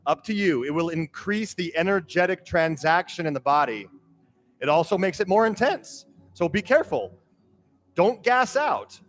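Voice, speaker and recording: A man teaching a guided breathwork class, giving calm, steady cues and counting breaths aloud. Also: high-pitched, normal speed. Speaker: yoga and breathwork instructor. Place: yoga studio. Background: drum beat music.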